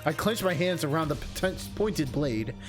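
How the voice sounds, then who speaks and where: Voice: medium pitch, animated, moderate pace, over music. A streamer reading a game's story aloud and breaking off for chatty, laughing asides. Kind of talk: reading narration with live commentary.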